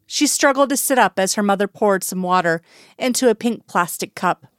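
Calm woman narrating a story. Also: medium pitch, moderate pace, dry recording, studio quality. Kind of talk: audiobook narration.

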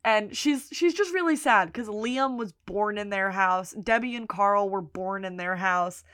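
A woman's voice: mid-range voice, a little slow, smooth, no echo. Chatty woman recapping scenes, dry mic. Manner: retells scenes, quoting characters in lively voices. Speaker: podcast co-host. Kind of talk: casual recap chat.

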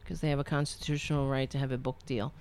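A woman commenting on a video, sarcastic and swinging from loud rants to low muttering. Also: little pitch movement, fast, slight background noise. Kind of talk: casual reaction commentary.

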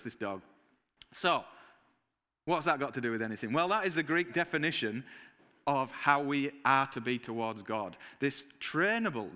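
A man preaching a sermon, telling lively personal stories and acting out his own reactions, with a Northern English accent. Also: on the high side, in a large hall. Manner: animated storytelling, acts out his own reactions. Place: church hall.

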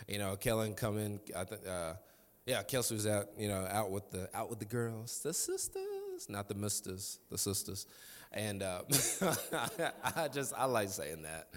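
A man's voice: fairly low pitch, unhurried, fairly bright tone. A man in his thirties preaching a sermon, telling family stories with emphatic repetition. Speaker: pastor. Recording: reverberant church hall.

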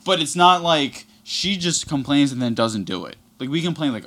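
A man's voice: a little high, animated, moderate pace, fairly bright tone. A young man telling a long, rambling story in casual podcast chat, swearing constantly.

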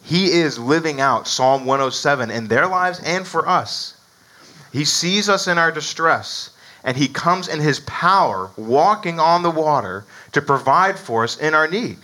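A man's voice: a little high, expressive, a little slow, pushed and bright, poor audio. A man preaching a sermon in a conversational way, often asking "right?" and chuckling between points. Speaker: pastor.

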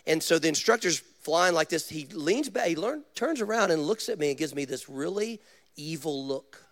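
A man, a pastor, preaching a sermon with animated storytelling and direct questions to the congregation. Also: fairly high pitch, normal speed.

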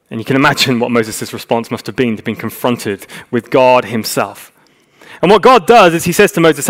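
A man's voice: medium pitch, a little fast, a bit bright. A man preaching a sermon, telling the story vividly and acting out the characters' lines.

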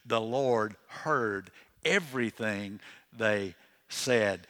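A man's voice: lowish voice, extremely slow, pauses often, a bit bright. A man preaching a sermon as pastor in a church, conversational and chatty, with joking asides and chuckles.

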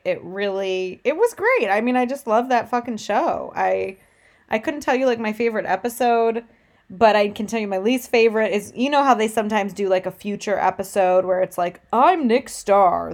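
A woman's voice: mid-range voice, moderate pace. A woman with a Michigan accent co-hosting a casual chat, enthusiastic and casually swearing. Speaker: podcast co-host.

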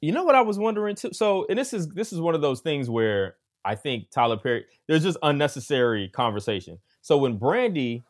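A man hosting a casual film podcast, his voice swinging widely up and down as he talks. He acts out his own reactions in quick asides and keeps a loose, chatty rhythm. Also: a little high. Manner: animated, acts out quotes, frequent "like". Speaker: podcast host.

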